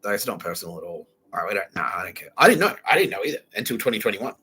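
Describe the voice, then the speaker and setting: A man's voice: on the low side, big pitch swings, racing, sharp tone, slightly rough. A young man hosts a rambling solo podcast, talking casually, with a lot of slang and swearing. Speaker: podcast host.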